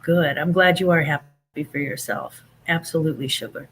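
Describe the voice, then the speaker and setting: A man's voice: fairly high pitch, slightly rough. A man hosting a casual livestream, chatting animatedly with viewers and reading out their comments. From Saint Louis. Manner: animated, chatty, drawn-out emphatic phrases. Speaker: livestream host.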